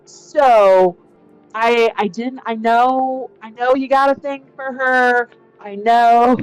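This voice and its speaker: A woman's voice: fairly high pitch, fairly even intonation, takes it slowly, smooth, no echo, soft background music, rough recording. A woman playing her character in a tabletop game, rambling and chatty, full of filler words. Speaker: player.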